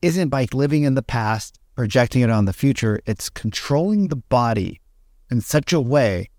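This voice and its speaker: A man's voice: mid-range voice, animated, moderate pace, darkish tone, dry recording, clean studio sound. A man speaking as a podcast guest, coaching listeners in a motivational talk and often repeating phrases. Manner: coaching, repetitive, addresses listeners as "you guys".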